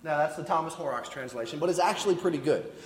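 A man's voice: fairly high pitch, quick pace. A man preaching a conversational sermon with casual asides, often restarting his words. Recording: echoey hall with long reverb.

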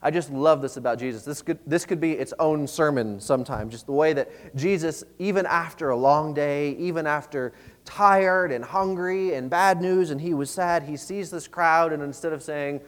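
A man's voice: on the high side, normal speed. A man preaching a sermon in a conversational way, often asking the listeners questions. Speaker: pastor. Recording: long reverb of a large hall.

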